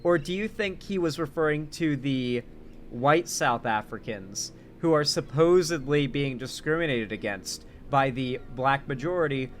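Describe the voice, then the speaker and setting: A young man giving casual political commentary, sarcastic and animated, swinging between loud emphasis and quiet asides. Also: medium pitch, a little hiss or hum.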